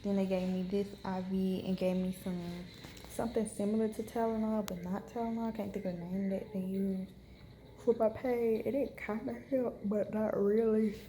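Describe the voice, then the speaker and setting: A woman's voice: mid-range voice, steady tone, normal speed, mellow, reverberant, slight background noise. A young woman vlogger telling a story to camera in a frank, chatty way with many fillers. She is unwell and in pain. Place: hospital room.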